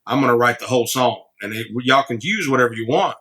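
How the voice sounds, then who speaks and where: A man's voice: mid-range voice, quick pace, sharp tone. A man guesting on a podcast, a singer-songwriter telling rambling stories with many restarts. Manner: rambling, frequent restarts, laughs easily. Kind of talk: casual storytelling.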